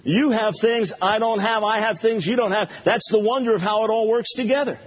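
Male preacher, husky and animated, playful repetition, muffled recording. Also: high-pitched, brisk. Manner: animated, playful, repeats phrases for emphasis. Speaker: pastor. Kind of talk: sermon. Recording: dull lo-fi recording.

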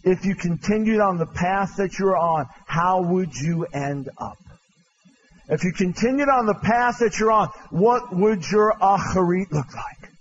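Male revival preacher with a high voice, pleading and proclaiming in turn; dull live church recording. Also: expressive, measured pace. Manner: impassioned, swinging from loud proclaiming to hushed pleading. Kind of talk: revival altar-call sermon. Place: large church with balcony.

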